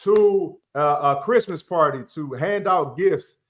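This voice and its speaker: A man's voice: fairly high pitch, takes it slowly. A man on a podcast, telling casual, slangy stories and acting out the voices in them. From Chicago area. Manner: animated, slangy, acts out voices in his stories. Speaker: podcast guest. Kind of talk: casual storytelling chat.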